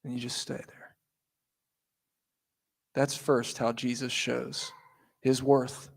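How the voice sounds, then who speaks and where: A man pastor giving a sermon, telling the story with animated voices and asides. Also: high-pitched, slow, pauses often. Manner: animated storytelling, acting out quotes.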